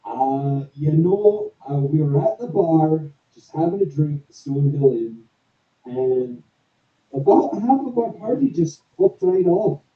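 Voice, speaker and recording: A man chatting casually as a player in a tabletop game, joking and expressive. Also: a little high, measured pace, echoey room, phone-quality sound.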